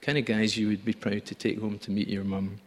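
A man preaching a sermon in a church, in a chatty, gently humorous storytelling manner. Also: on the low side, level tone, brisk, in a large hall.

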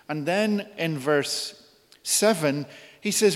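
A man preaching a sermon in a church, earnest and deliberate, his voice rising in urgent questions as he voices the prophet's appeals. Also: animated. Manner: slow, earnest, rises high and urgent when voicing God's appeals. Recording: long reverb of a hall.

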